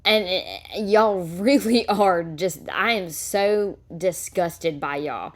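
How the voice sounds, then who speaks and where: A woman talks to camera in a blunt, profane rant. Her voice sits at an ordinary middle pitch, and she mixes sarcasm with cursing. The delivery is casual, not polished. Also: expressive, takes it slowly, hardly any pauses. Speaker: reaction commentator.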